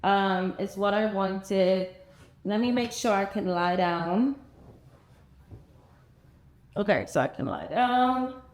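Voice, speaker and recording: A young lifestyle vlogger chats casually from her apartment living room, enthusiastic and full of fillers, though out of breath. Her mid-range voice is a little mellow, slow, and often pausing.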